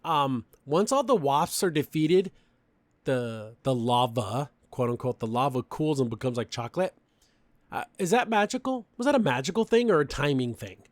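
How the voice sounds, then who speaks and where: A man's voice: mid-range voice, lively intonation, moderate pace, dry recording. Chatty, opinionated young man recapping. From Mexican family background. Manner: chatty, opinionated, lots of fillers. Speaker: podcast host. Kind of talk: casual episode recap.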